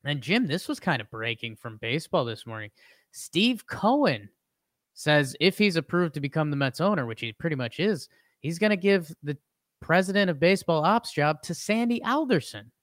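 A man's voice: fairly high pitch, very animated, moderate pace, fairly bright tone, no echo, studio quality. A man co-hosting a podcast, casually reading a sports rundown with quips between headlines.

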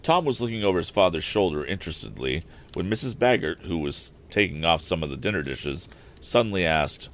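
A man narrating a storybook aloud as podcast host, in an expressive, measured storytelling way. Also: deep voice. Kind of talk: audiobook narration.

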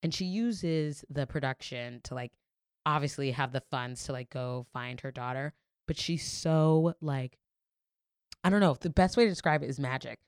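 A woman's voice: extremely low pitch, normal speed, clear, resonant tone, dry recording, studio quality. A young woman co-hosting a casual talk show, telling a story candidly and swearing freely. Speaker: podcast co-host. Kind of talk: casual chat.

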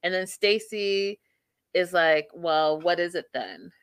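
A woman's voice: lowish voice, lively intonation, slow, clean tone. Woman, live-stream host, casual chatty recap, opinionated, filler-heavy.

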